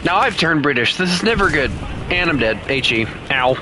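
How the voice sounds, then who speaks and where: A man's voice: a little high, very animated, brisk. A man casually commenting on his own gameplay while streaming, chatty and laughing often as he talks to himself. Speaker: gaming streamer. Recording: noisy game audio underneath.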